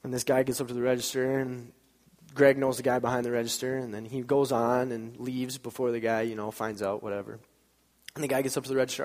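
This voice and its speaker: A man talks to a church audience in a relaxed, chatty way. He tells everyday stories and acts out the back-and-forth himself, sometimes laughing. His mid-range voice carries a long reverb from the hall. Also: mid-range voice, fast. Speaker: church speaker. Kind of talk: informal sermon with storytelling.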